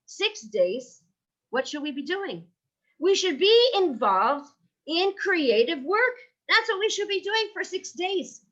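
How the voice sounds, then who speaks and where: A woman's voice: very high voice, big pitch swings, slow, fairly bright tone, highs cut off. A woman teaching a Jewish ethics class, engaging her listeners with rhetorical questions and "right?", and weaving Hebrew terms into her English. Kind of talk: lively lecture.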